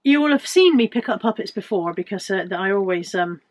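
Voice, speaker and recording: A woman's voice: mid-range voice, animated, a little fast. A woman in her fifties with a British accent, chatting casually and joking at her own expense as she shows off her finds. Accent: British English. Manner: chatty, self-mocking humour. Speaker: reseller vlogger. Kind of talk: casual chat.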